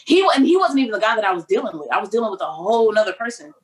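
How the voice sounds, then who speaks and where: Young detroit woman, lively storyteller on a chat show, does the voices, swears a lot. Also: medium pitch, very fast. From Detroit, United States. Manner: animated, acts out quoted voices, swears freely. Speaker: podcast guest.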